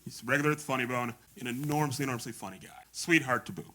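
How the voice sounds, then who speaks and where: A man emceeing a comedy show, giving a fast, upbeat build-up to the next act. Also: mid-range voice, a bit bright. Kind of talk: introducing a comedian.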